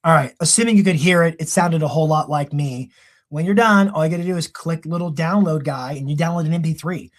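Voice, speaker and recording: Energetic man giving a marketing talk. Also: on the high side. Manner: energetic, quick, conversational with self-corrections. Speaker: real estate marketing speaker. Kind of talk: live training presentation.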